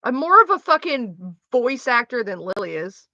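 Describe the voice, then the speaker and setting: A young woman chats loosely with her stream, her voice bright and pitched a little high, hopping between thoughts and cursing casually. The mic is dry and close, with a slightly dull, lo-fi sound. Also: big pitch swings, normal speed, no echo. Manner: rambling, swears freely, trails off mid-sentence. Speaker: livestreamer reading chat. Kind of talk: casual chat with a live audience.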